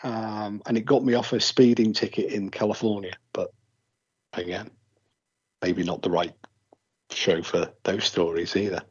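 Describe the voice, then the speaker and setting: Husky-voiced Englishman telling rambling stories. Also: lowish voice, level tone, unhurried, long pauses. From England. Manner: chatty storyteller, jokey and rambling. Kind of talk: casual chat. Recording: muffled lo-fi recording.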